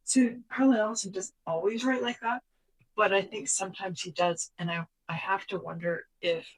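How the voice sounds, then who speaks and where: Working from notes, a podcast co-host summarizes in a casual, animated way at medium pitch and normal speed, sometimes slipping into a whisper for quotes. The recording quality is low.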